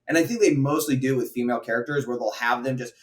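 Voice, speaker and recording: A man in casual podcast chat about movies, halting and filler-heavy in a mid-range voice. He sits away from the microphone, so he sounds a little distant. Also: medium pitch. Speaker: podcast co-host. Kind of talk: casual film review chat.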